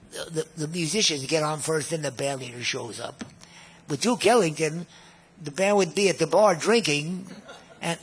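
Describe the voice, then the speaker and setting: Husky nonagenarian man telling old stories. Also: on the high side. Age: 90s. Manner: rambling, repeats words, chuckles at his own tales. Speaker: guest musician. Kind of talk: storytelling reminiscence.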